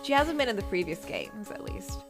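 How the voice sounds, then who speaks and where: Animated woman in casual game chat. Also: medium pitch, fairly quick, music in the background. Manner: chatty, speculative, giggly. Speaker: streamer. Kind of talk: casual let's-play chat.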